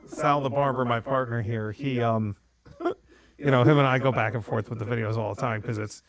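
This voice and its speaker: A man's voice: medium pitch, steady tone, a little fast, over a noisy crowd. A man co-hosting a podcast in casual chat, rambling with lots of fillers. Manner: rambling, filler-heavy, laughs along. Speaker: podcast co-host.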